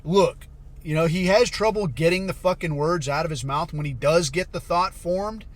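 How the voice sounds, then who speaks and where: A man's voice: a little high, moderate pace. Blunt, foul-mouthed man ranting. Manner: profane, blunt, sarcastic. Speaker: podcast host. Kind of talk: casual commentary rant.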